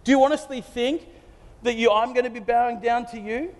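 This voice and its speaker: A man's voice: extremely high pitch, fairly quick, voice pushed up. A man voicing a proud father rebuking his son. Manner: rebuking, incredulous. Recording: long hall reverb.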